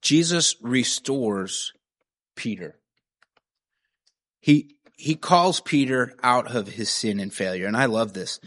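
A man's voice: mid-range voice, slow pace, long pauses, a bit bright. A man preaching a sermon in an earnest, conversational way, often checking in with "right?" and "you know". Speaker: pastor.

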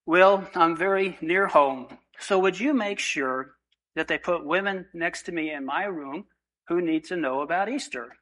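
A man's voice: on the high side, measured pace, fairly bright tone, low-quality recording. A man voicing an elderly devout woman, cheerful and earnestly insistent, in a sermon story.

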